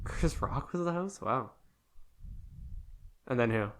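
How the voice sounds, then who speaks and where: A man's voice: mid-range voice, expressive, slow pace. A man co-hosting a casual movie chat podcast, rambling through stories with lots of fillers and laughter. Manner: rambling, laughs often, trails off. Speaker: podcast co-host.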